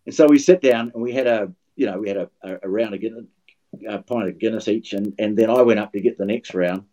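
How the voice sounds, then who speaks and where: A man's voice: lowish voice, fast talker, warm tone, highs cut off. An older man with a New Zealand accent, a guest commentator telling anecdotes in casual podcast chat, often restarting his sentences. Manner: anecdotal storyteller with many restarts.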